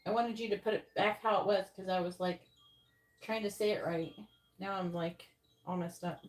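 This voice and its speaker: A woman's voice: medium pitch, steady tone, normal speed, a little hiss or hum, rough recording. A woman doing a live-stream tarot reading, talking bluntly and swearing often as she explains how to word questions. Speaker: psychic tarot reader.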